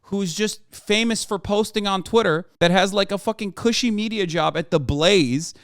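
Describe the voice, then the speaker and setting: A man's voice: sits high, normal speed, clean tone, no room sound, clean studio sound. A male streamer giving a heated, profanity-laced commentary rant on his livestream.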